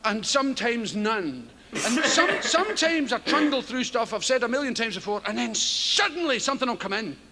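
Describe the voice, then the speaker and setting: High-pitched Scottish man doing stand-up. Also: sing-song, moderate pace. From Scotland. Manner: profane, rambling, chuckling storyteller. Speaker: stand-up comedian. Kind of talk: stand-up routine. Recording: heavy background noise.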